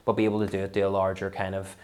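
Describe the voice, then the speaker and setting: A Northern Irish comedian in a casual podcast interview, rambling and self-deprecating, full of fillers and restarts. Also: male voice, deep voice, monotone, racing, a little mellow. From Northern Ireland. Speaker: comedian guest.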